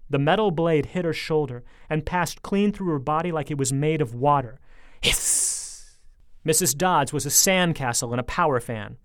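A man narrating an audiobook with lively, expressive storytelling. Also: fairly high pitch, moderate pace, hardly any pauses, no room sound, clean studio sound. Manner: lively storytelling, speeding up in tense moments.

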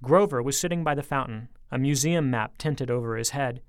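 Male audiobook narrator, expressive storyteller, mid pitch, dry close sound. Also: fairly quick, no room sound. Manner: lively storytelling, speeding up in tense moments.

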